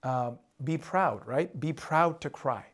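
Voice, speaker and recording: A man's voice: a little high, animated, takes it slowly. A man coaching husbands in a candid, confessional way, often asking "right?" and repeating himself. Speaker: relationship coach. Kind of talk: casual advice talk. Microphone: drawing on a board while talking.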